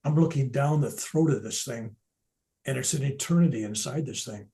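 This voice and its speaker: An older man telling his spiritual experiences in a loose, animated way, often restarting his sentences and dropping his voice to a near-whisper for emphasis. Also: mid-range voice, normal speed, gravelly. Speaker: speaker at a veterans event. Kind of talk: spoken personal storytelling.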